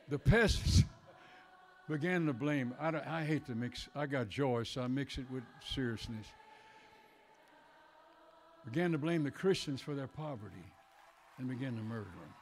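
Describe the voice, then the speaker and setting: A man in his eighties preaching a fervent revival sermon in a church, swinging from loud exhortation to soft personal words. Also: mid-range voice, moderate pace, slight background noise. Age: 80s.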